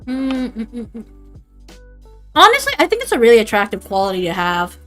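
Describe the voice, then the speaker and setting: Young woman streamer just chatting, bright kinda high voice, rambly, swears a lot. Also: wildly swooping pitch, fairly quick, faint music behind. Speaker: livestreamer. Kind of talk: casual stream chat.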